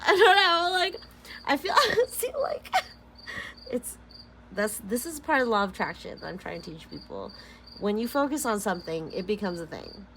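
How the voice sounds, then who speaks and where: A woman's voice: mid-range voice, sing-song, fairly quick, fairly bright tone, slight background noise. Californian woman, chatty tarot vlogger, giggly and rambling, faint crickets outside. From Sacramento, California. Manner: rambling, giggly, says "like" constantly. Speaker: tarot reader. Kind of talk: casual tarot-reading vlog chat.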